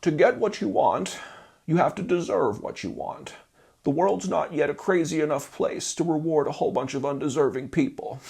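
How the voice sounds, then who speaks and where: A man doing an impression of a blunt elderly male investor, speaking slowly and deliberately. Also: fairly high pitch, creaky, a little mellow, breathy edge, pitched above the performer's own voice.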